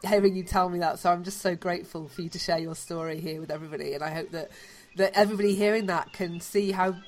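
A woman hosting a podcast interview, warm, effusive and emotional in her responses. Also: fairly low pitch, fairly even intonation, fast talker. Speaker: podcast host. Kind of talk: interview conversation.

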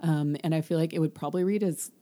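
A young woman co-hosts a casual book podcast, talking in a low, mellow voice. She rambles a little, fills pauses with ums and laughs easily as she chats. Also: fairly even intonation. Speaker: podcast co-host.

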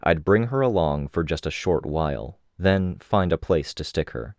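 A man reading a novel aloud in the first person, with measured, even storytelling. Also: low voice, no room sound. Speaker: audiobook narrator.

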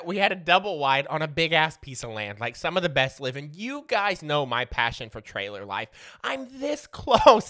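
A man's voice: on the high side, sharp tone. A man in his forties telling a rambling, profane childhood story in a casual comedic way, laughing often.

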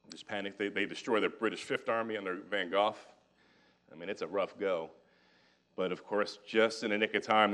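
A man with a fairly low voice and a bright, forceful tone delivers a history lecture to an audience. He talks in a relaxed, conversational way, with quick jokes thrown to the crowd. He slips into loose paraphrases of historical figures as he goes. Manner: conversational, joking asides to the audience. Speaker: guest lecturer.

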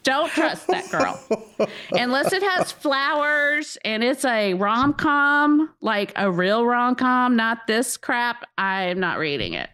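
Animated, dramatic woman book chatter. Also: a little high, takes it slowly, hardly any pauses, smooth. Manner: animated, dramatic, exclaims often. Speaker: co-host. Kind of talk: casual book chat.

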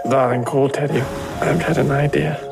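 A man playing a young, posh Englishman paralyzed by polio, speaking in quiet, breathy, clipped lines in film trailer dialogue. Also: fairly high pitch, fairly even intonation, moderate pace. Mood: determined. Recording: film trailer under loud music. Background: loud score music.

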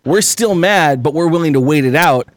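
A man's voice: on the high side, animated, moderate pace, dry recording, clean studio sound. A man telling a long story on a podcast in a profane, rambling way, often laughing as he talks. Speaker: podcast guest. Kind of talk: casual storytelling.

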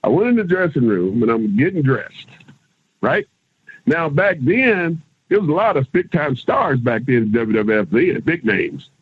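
A middle-aged man, a former pro wrestler, telling road stories as an interview guest in a loose, animated way. He acts out what others said and swears casually. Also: medium pitch, unhurried, slightly rough, dry recording. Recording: tinny phone-line sound.

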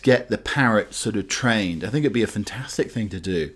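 A man's voice: fairly low pitch, expressive, a little fast, a bit bright, breathy edge. Man, radio host, rambling chatty monologue, lots of ums and restarts. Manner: rambling, hesitant, many fillers and restarts. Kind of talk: chatty monologue reading news items.

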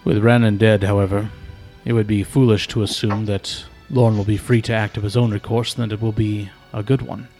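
A man voicing an old noble father and royal counselor, grave, measured and coldly pragmatic. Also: on the low side, flat delivery, a little mellow, soft background music, natural voice.

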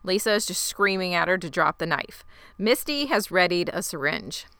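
A woman co-hosting a casual podcast, retelling a TV episode scene by scene with lively asides. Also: lowish voice, moderate pace, dry recording. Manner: animated storyteller, quotes characters in lively asides. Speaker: podcast co-host. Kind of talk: casual TV recap chat.

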